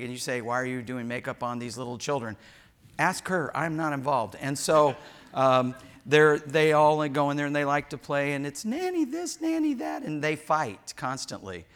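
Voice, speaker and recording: A man's voice: medium pitch, a bit bright, clean tone. An older man preaching a sermon as a pastor, joking and telling stories, acting out little quotes in between. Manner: joking, storytelling preacher who acts out quotes.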